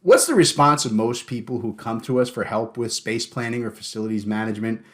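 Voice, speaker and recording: A man hosting a podcast in casual chat, joking and animated, often stumbling and repeating words. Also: mid-range voice, brisk. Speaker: podcast host.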